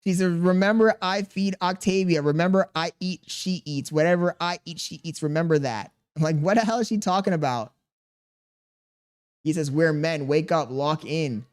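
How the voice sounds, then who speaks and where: A man's voice: on the high side, moderate pace, smooth. A man in his thirties, a streamer reading chat aloud and venting in an exasperated, defensive way with casual slang.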